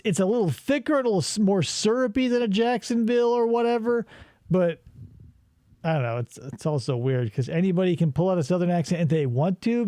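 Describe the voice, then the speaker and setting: A man's voice: sits high, no echo, studio quality. A man from Arizona co-hosting a casual podcast, riffing on old commercials in a rambling, profane way. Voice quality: animated, profane, rambling riffs. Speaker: podcast co-host.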